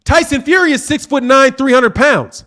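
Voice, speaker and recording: A man's voice: very high voice, normal speed, fairly bright tone. A man hosting a live boxing stream, arguing combatively and mockingly with his viewers while reading super chats. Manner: combative, mocking, trash-talking. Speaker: boxing channel host.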